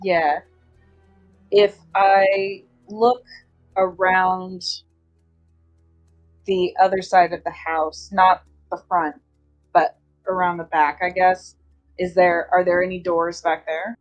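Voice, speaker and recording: A woman's voice: on the low side, level tone, slow, pauses often, muffled recording, soft background music. A woman playing a tabletop game, hesitant, with many ums and likes. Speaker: player.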